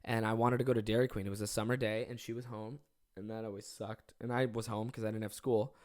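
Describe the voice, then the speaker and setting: A young adult podcast host, telling stories in a casual, animated way, swearing freely and acting out the people in them. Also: mid-range voice, fast, background noise. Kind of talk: casual comedic storytelling.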